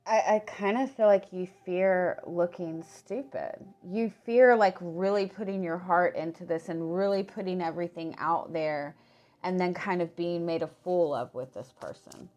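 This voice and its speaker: A hoarse woman, losing her voice, giving a casual tarot reading in a halting way, restarting her words and filling with "like". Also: fairly low pitch, darkish tone. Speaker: tarot reader.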